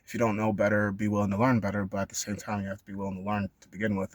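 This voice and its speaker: A man talking in a rambling, profane monologue that sometimes bursts into high-pitched shouting. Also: monotone, racing, few pauses, dry recording. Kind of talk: casual monologue rant.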